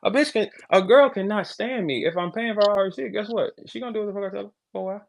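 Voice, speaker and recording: Loud profane man ranting. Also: sits high, racing, vocal fry, slight background noise. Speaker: battle rapper on a live audio chat. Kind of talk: casual crude rant.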